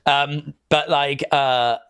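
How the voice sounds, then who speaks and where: A man's voice: a little high, fairly even intonation, drawn-out words, fairly bright tone, clean tone, dry recording, clean studio sound. A man hosting a wrestling live stream, chatting casually and rambling through fond memories with plenty of fillers. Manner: rambling, reminiscing, with fillers and acted-out quotes.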